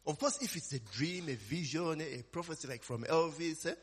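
Male preacher, husky, chatty, peppers his lines with "eh?" and "amen?", long reverb. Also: on the high side, a little fast. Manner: conversational, frequent "eh?" and "amen?" tags, call-and-response questions. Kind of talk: informal sermon.

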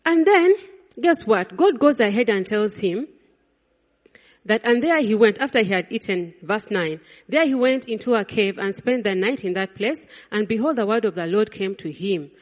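A woman preaching a sermon, swinging between loud exclamations and hushed, quiet lines. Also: mid-range voice, animated, normal speed. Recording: long reverb of a large hall.

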